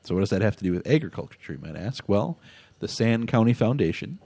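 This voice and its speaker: Lower-voiced man hosting a podcast. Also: fast, gravelly, husky, no room sound. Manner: laughs often, animated storytelling. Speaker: podcast host. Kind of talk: casual chat.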